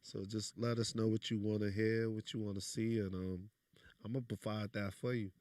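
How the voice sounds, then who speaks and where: A man's voice: on the low side, level tone, normal speed, a little mellow, no echo, studio quality. A man from New York with a New York accent, speaking bluntly in casual podcast chat. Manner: blunt, streetwise, repeats "you know what I'm saying". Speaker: podcast guest.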